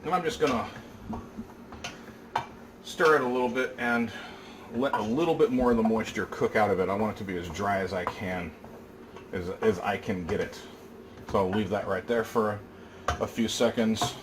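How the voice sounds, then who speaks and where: A man's voice: fairly low pitch, fairly even intonation, normal speed, pauses often. A man hosting a casual cooking demonstration in a home kitchen. He talks the viewer through each step and keeps checking in with "right?". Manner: chatty, explains as he works, asks "right?". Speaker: cooking show host. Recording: echoey kitchen, mic far off, loud background noise.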